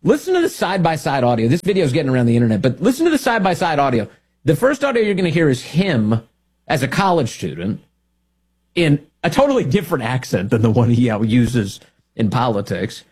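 A man's voice: medium pitch, sing-song, fairly quick, darkish tone, husky. A man hosting a talk radio show, delivering sarcastic political commentary and laughing at his own jokes. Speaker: radio host.

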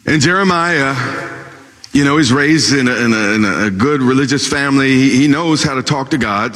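A man's voice: on the high side, fairly bright tone. A man preaching a sermon with impassioned, dramatic delivery that swells and drops suddenly. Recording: long hall reverb.

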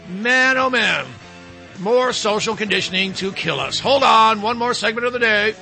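A man hosting a talk radio show, talking in an animated, mocking and scornful way. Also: high-pitched, normal speed, gravelly, soft background music. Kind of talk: opinionated talk radio monologue.

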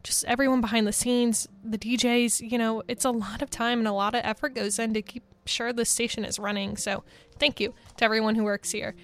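A woman's voice: fairly high pitch, level tone, brisk. Bubbly young woman college radio DJ. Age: 20s. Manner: chatty and bubbly, laughs often. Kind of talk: casual radio DJ chat. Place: radio studio.

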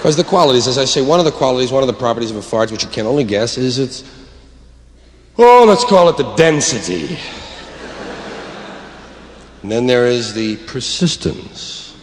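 A man's voice: quick pace, hardly any pauses. A man doing a stand-up routine in a rambling, digressive way, his voice swooping up and down. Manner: rambling, digressive delivery with sudden jumps in pitch. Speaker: stand-up comedian. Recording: reverberant hall with loud ambient noise.

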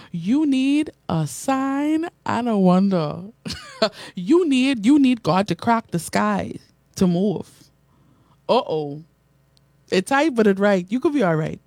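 Animated woman preaching, mellow and dry. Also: a little high, takes it slowly, pauses often, dry recording. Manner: animated preaching, repeats phrases, reads out comments. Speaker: radio and online preacher host. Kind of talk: sermon.

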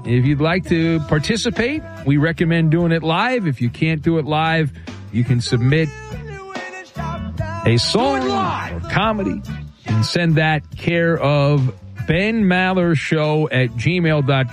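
A man hosting a radio talk show, brisk and wisecracking as he reads out listener questions. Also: a little high.

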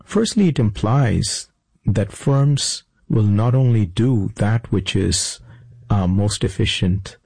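A man who is a business school professor, answering interview questions deliberately with some hesitation. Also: lowish voice, animated, vocal fry, darkish tone, slightly rough, no echo.

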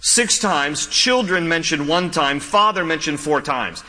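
High bright-voiced pastor in a reverberant hall. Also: male voice, a little slow. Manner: animated storytelling with self-deprecating humor. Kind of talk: sermon.

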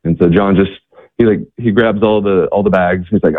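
Low-voiced man on a tinny phone-like line. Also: fairly even intonation, no room sound. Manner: halting, with many fillers and repeated words. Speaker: guest, charity worker. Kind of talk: casual interview storytelling.

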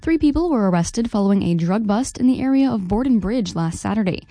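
A woman's voice: mid-range voice, animated, fairly quick, dark tone, no room sound, studio quality. Woman reading radio news. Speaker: news anchor.

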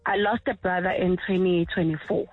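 A woman calling in to a radio show, speaking earnestly and haltingly, often repeating herself. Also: on the low side, steady tone, no room sound, soft background music. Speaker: caller. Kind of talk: phone-in call. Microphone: phone. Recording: tinny dry phone line.

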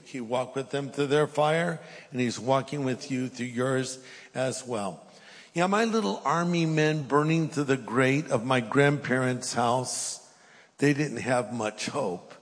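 A man's voice: mid-range voice, a little slow, fairly bright tone, in a large hall. A middle-aged man preaching a sermon, reading scripture aloud and then pressing his points with emphasis. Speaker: pastor.

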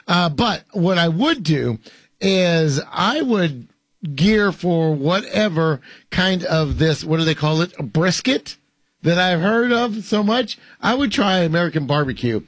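A man's voice: high-pitched, animated, a little slow, no echo. A man hosting a casual sports talk show, rambling with lots of fillers and laughs. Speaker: host.

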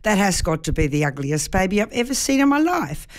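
A woman's voice: mid-range voice, big pitch swings, a little fast, natural voice. A woman voicing a tactless male bus driver who blurts things out. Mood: blunt.

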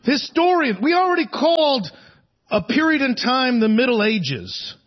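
A man's voice: extremely high pitch, big pitch swings, measured pace, dull audio. Rambling self-mocking man in his forties. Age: 40s. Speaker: stand-up comedian. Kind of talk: live stand-up set. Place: theater stage. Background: audience laughter.

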